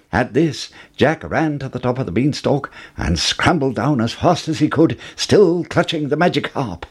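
A man narrating a children's fairy tale in an expressive, deliberate storytelling manner. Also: mid-range voice, slightly rough.

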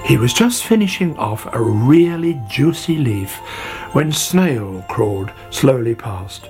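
A man reading a children's story aloud in a slow, expressive way. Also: mid-range voice, soft background music.

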